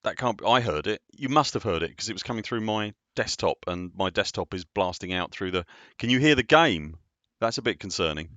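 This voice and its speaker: A man chatting casually on a game stream, excitable and self-deprecating, often laughing. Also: on the low side, fairly quick, hardly any pauses, no room sound, highs cut off. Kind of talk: casual live-stream chat.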